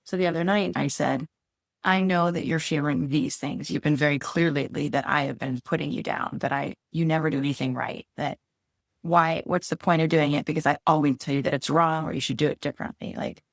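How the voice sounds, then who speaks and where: A woman's voice: deep voice, steady tone, fairly quick, no room sound, clean studio sound. A woman co-hosting a podcast in casual, heartfelt chat, talking candidly and openly emotional, often searching for words. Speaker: podcast co-host.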